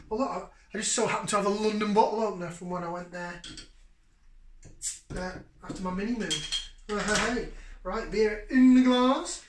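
A man's voice: high-pitched, background noise. Chatty man hosting a beer review. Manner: chatty and rambling with many fillers. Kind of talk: casual beer review chat. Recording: echoey room.

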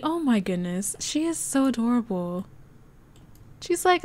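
Chatty, excitable woman narrating gameplay. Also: fairly high pitch, measured pace, long pauses. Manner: chatty, excitable, laughs often. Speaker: let's play host. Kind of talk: casual gameplay commentary.

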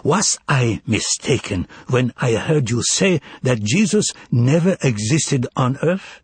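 A man's voice: medium pitch, big pitch swings, slow pace, husky, no room sound, full character voice. A man reading an audiobook voices an eccentric, overly polite male foreign stranger with a put-on foreign accent, drawing out his exclamations.

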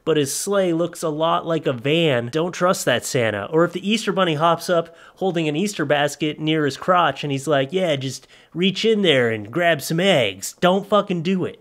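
A man doing comedic commentary on photos for his channel, sarcastic and heavily profane, with loud, animated jabs. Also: a little high. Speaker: comedy YouTuber.

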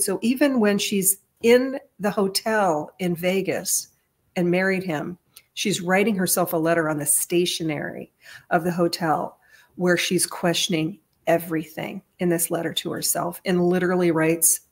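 A woman telling a personal family story in a casual monologue, earnest and rambling, with frequent restarts and her voice lifting at emotional points. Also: lowish voice. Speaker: vlogger retelling a family story.

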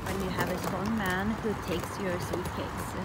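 A woman's voice: fairly low pitch, level tone, measured pace. A young woman from Sweden vlogging her travel to camera, chatty, playful and emotional. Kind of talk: casual vlog chat to camera. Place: airport and plane, indoors. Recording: loud music under voice.

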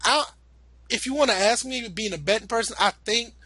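A man co-hosting a casual sports podcast, excitable and slangy, often repeating himself. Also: very high voice, a little fast, no echo. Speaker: podcast co-host.

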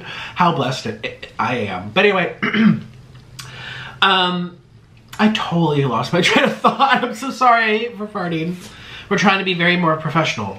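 A man hosting an eating vlog, bursting with excitement and exclamations. His voice is bright and sits a bit high, swinging up and down a lot. He sounds like he's in a roomy, echoey space. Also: moderate pace. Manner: excitable, gushing, full of exclamations. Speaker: mukbang host. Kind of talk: casual eating vlog chat. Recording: roomy echo.

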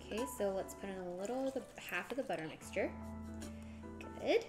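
A woman's voice: mid-range voice, animated, moderate pace. A woman streaming herself cooking, chatting casually with her viewers and narrating each step. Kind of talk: casual live-stream chat while cooking. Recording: background music clearly audible.

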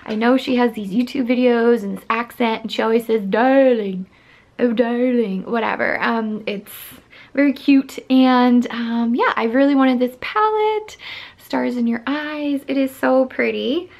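A woman's voice: on the high side, normal speed, gravelly. A woman in her thirties chatting casually to camera in her bedroom as a vlogger, filling her talk with fillers and small laughs. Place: bedroom at home.

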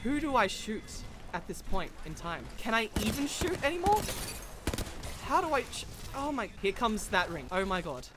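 A woman giving excitable, frantic gameplay commentary, often breaking into laughs. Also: medium pitch, moderate pace, very noisy. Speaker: gaming video creator. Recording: gunfire and game sounds behind voice. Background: game gunfire and effects.

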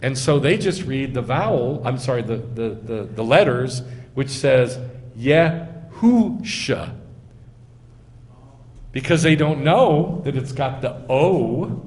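A man's voice: medium pitch, a little mellow. A man, a rabbi, giving a teaching sermon, explaining step by step and quizzing his listeners. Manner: explains step by step, asks the audience questions. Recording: echoey hall, faint noise.

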